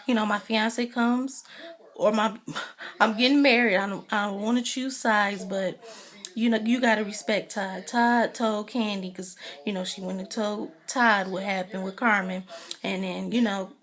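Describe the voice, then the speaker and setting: A woman's voice: mid-range voice, fairly even intonation, measured pace, fairly bright tone. A young woman giving a casual, opinionated recap of a TV episode, acting out what people said and leaning on "you know" as she goes. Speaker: TV recap vlogger.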